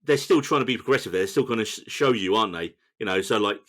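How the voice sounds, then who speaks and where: A man's voice: on the low side, fast, fairly bright tone. A man co-hosting a film podcast, picking apart scenes with wry jokes in casual chat. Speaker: podcast co-host.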